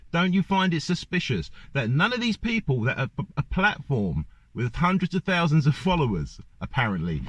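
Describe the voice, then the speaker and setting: Man, ranting monologue, repeated rhetorical questions, dull lo-fi sound. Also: fairly high pitch. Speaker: vlogger. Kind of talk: monologue to camera. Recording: dull lo-fi dry recording.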